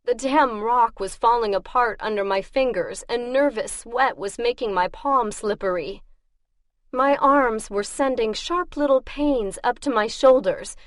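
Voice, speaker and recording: Slow, measured woman audiobook narrator. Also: on the high side, no room sound, studio quality. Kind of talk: first-person audiobook narration.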